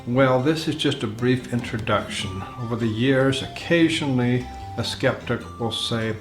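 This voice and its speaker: A man's voice: mid-range voice, normal speed. A man narrating as a channel host in a plain, explanatory way. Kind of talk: informal narration. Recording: echoey room with faint music.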